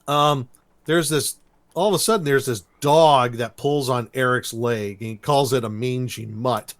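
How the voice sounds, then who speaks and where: A man co-hosting a podcast, recapping a cartoon episode in rambling, animated casual chat. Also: medium pitch, unhurried, no echo. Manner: rambling, animated storytelling with laughs. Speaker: podcast co-host.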